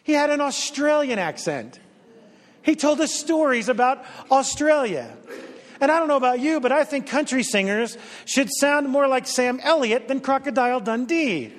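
A man's voice: extremely high pitch, expressive, normal speed, long reverb tail. A middle-aged male pastor giving a conversational, storytelling sermon with dry humor.

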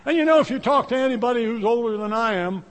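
Dramatic preacher in an echoing sanctuary. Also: male voice, extremely high pitch, fast. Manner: dramatic swings between loud and hushed. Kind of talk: sermon.

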